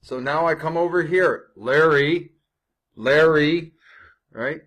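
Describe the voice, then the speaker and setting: A man's voice: fairly high pitch, takes it slowly, fairly bright tone. A young adult man coaching viewers on ad copy in a casual, conversational way, often tacking on "right?" and restarting sentences. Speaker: online marketing coach. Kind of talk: casual screen-share tutorial.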